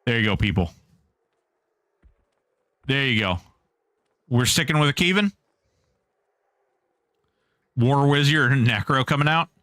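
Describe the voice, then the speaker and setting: A man's voice: mid-range voice, expressive, a little slow, long pauses, fairly bright tone, no room sound, clean studio sound. A man streaming gameplay live, joking with chat and hyping up giveaways. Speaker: game streamer.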